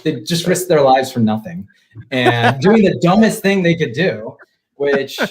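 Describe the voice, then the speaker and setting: A man, an independent filmmaker, telling stories in a relaxed, rambling way as a podcast guest. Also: medium pitch, a little slow. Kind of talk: casual interview chat.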